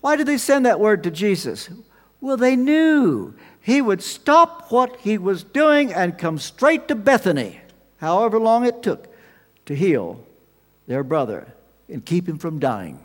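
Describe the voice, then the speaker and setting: A man preaching a sermon, telling the story with animated swings between loud emphasis and quiet asides. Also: high voice, unhurried. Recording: long reverb of a large hall.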